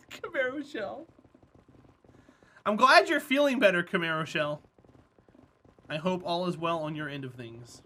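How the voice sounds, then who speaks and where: A man's voice: a little high, lively intonation, normal speed, pushed and bright. A male streamer chatting casually with his viewers while gaming, laughing often and talking to chat by name. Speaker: streamer, host.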